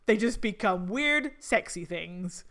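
A woman's voice: medium pitch, lively intonation, takes it slowly, a bit bright. A woman co-hosting a podcast in casual chat, opinionated and teasing. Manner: opinionated, teasing, says "reckon". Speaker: podcast co-host.

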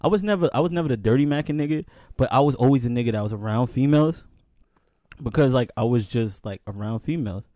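A young podcast co-host tells stories in casual chat, kicking them off with "man, listen" and repeating "you know what's so crazy." His medium-pitched voice is dark and quick, recorded in a clean studio with no echo.

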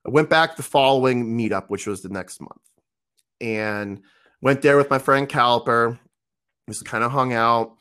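Male guest, 30s, casual podcast storyteller, mid-pitched, loose and rambling. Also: a bit bright. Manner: rambling, many fillers and restarts.

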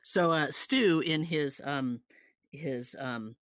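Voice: medium pitch, slow, a bit bright, no echo, studio quality. A tabletop player who speaks hesitantly, with stumbling restarts. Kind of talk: casual tabletop play.

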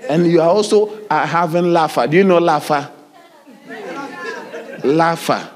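A man preaching a sermon as pastor, animated, with sudden high shouts and laughing asides. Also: measured pace, long pauses, crowd noise.

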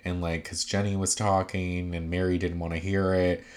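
A man's voice: low-pitched, little pitch movement, moderate pace. A man giving a casual, gossipy recap of a reality show, chatty and full of fillers, with sarcastic asides.

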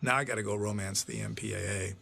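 A man's voice: lowish voice, steady tone, fast talker, creaky, sharp tone, slight background noise. A man producing films, telling rambling, profane stories in a casual commentary and stopping to react to scenes on screen. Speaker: film producer giving commentary. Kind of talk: casual anecdotal audio commentary.

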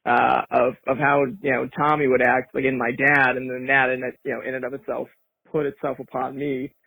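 A man's voice: medium pitch, flat delivery, a little fast, creaky, breathy edge, no echo. A man from Massachusetts leaving an earnest, rambling voicemail over the phone. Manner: earnest, rambling, many fillers. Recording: tinny phone line.

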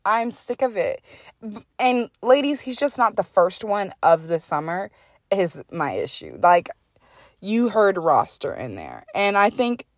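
A woman's voice: medium pitch, sing-song, a little slow, dry recording, studio quality. A young woman hosting a podcast, chatting casually and animatedly, reading out text messages and swearing freely. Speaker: podcast host. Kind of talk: casual storytelling chat.

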